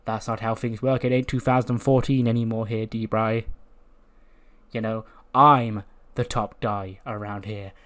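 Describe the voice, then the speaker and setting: A man's voice: lowish voice, little pitch movement, measured pace, fairly bright tone. A man voicing a cocky, scheming male heel wrestler, delivering a swaggering, taunting promo. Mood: arrogant.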